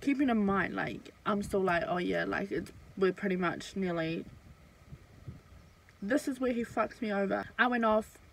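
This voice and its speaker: A woman's voice: medium pitch, unhurried, gravelly, poor audio. Chatty young woman telling a story. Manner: chatty, full of fillers and swearing. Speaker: vlogger. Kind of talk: casual storytime chat.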